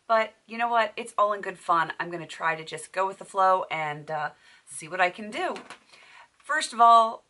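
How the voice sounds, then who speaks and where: Beauty vlogger lady, losing her voice, low-ish and bright, chatty and self-deprecating. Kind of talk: casual makeup tutorial chat.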